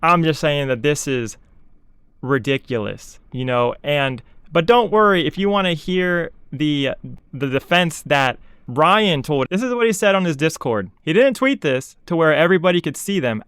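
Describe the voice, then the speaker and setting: A man's voice: a little high, fairly bright tone, clear, resonant tone, no room sound, studio quality. A young man, a VTuber, ranting in exasperated, sarcastic commentary, mocking others in quoted asides.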